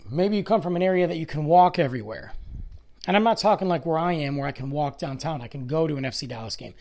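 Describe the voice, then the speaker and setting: Middle-aged guy rambling on his podcast, kinda hoarse, voice sits a bit high, chatty and offhand. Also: fast, a little mellow. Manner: rambling, conversational, self-deprecating asides. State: voice going hoarse, clearing throat. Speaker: podcast host. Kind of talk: casual solo podcast monologue. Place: lives in the Dallas area, Texas.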